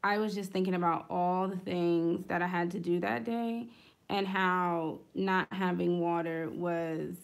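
A woman's voice: fairly low pitch, steady tone, measured pace, vocal fry. A woman vlogger chatting casually as she decorates a planner, rambling through a story with fillers and small asides. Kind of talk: casual storytelling while crafting.

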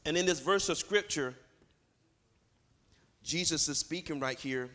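Man, pastor, sermon, high voice, bright tone, lots of uh fillers, swells into emphatic runs. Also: unhurried. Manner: loose preaching with many fillers, rising to emphatic peaks. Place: church sanctuary.

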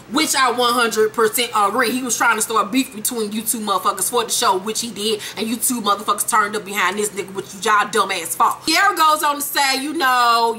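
A woman's voice: a little high, pushed and bright, slight background noise. A woman hosting a casual gossip recap of a reality show, profane and sassy, acting out the voices of the people in it.

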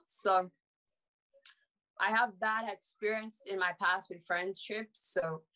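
A woman's voice: medium pitch, bright, forceful tone, low-quality recording. A young woman from Sierra Leone answering audition interview questions hesitantly, with many fillers. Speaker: reality show applicant.

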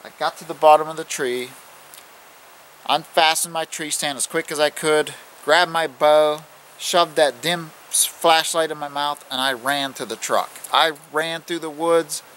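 A middle-aged man telling a true scary story in plain, casual speech, halting and restarting as he goes. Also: on the high side, fairly even intonation, fairly bright tone, slight background noise, poor audio. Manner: plain-spoken, halting with restarts, acting out growls. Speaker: outdoors channel host.

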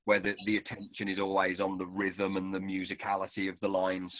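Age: adult. Sex: man. Role: novelist in conversation. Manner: measured, restarts often. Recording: muffled, dry video-call sound. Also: low voice, completely flat delivery, a bit bright, no room sound. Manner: thoughtful, halting with restarts. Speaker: novelist and poet. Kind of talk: conversational author interview.

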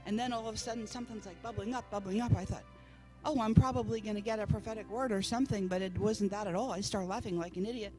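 Woman, preacher, church testimony, animated storytelling, middle pitch, faint music behind. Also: fast, hardly any pauses. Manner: storytelling, animated, acts out quoted voices. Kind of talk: testimony sermon. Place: church service.

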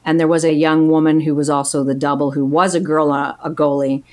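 A woman guesting on a podcast, telling stories in a casual, animated way with frequent laughs. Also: low voice, a little fast. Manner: laughing, animated storytelling with put-on quoted voices. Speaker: guest actor.

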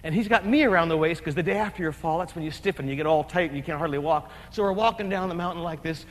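High-voiced guy from jersey spinning a funny climbing story on stage, long reverb. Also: fast. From New Jersey. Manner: animated, comic storytelling with acted-out shouts and asides. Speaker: keynote speaker. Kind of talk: storytelling keynote speech.

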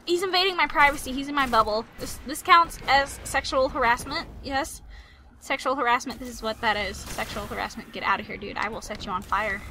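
A woman host giving playful, excitable let's-play commentary, taunting enemies and making silly sound effects as she plays. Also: a little high, a little fast, a little hiss or hum. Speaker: gaming channel host.

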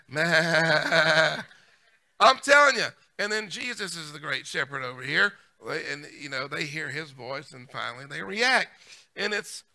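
A male pastor with a high-sitting voice preaches a sermon emphatically, repeating key lines. He swings between loud, punchy delivery and soft asides.

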